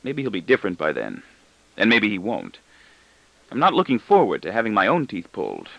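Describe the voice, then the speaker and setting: Gravelly man narrating, wide-ranging. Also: lowish voice, huge pitch swings, a little fast, fairly bright tone, no room sound. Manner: wry, brooding first-person reading. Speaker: audiobook narrator. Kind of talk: scripted narration. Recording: dull dry lo-fi recording.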